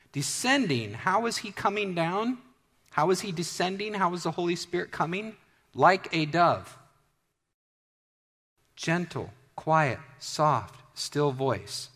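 A male pastor preaching a sermon, swinging from loud emphatic bursts to hushed, almost whispered asides. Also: fairly high pitch, animated, slow pace, slightly rough, big-room sound. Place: church hall.

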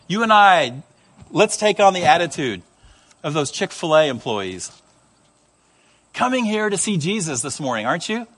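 High-voiced animated male preacher. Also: normal speed, pauses often. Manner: animated, acts out quoted voices, humorous asides. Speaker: pastor. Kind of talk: sermon. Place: church service before a congregation.

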